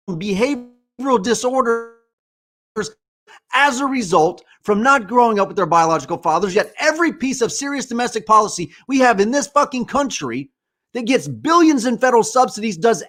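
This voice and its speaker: A podcast host in his forties pours out an angry, impassioned monologue, swearing often. His voice sits high for a man. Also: a bit bright. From United States. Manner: angry, profane ranting.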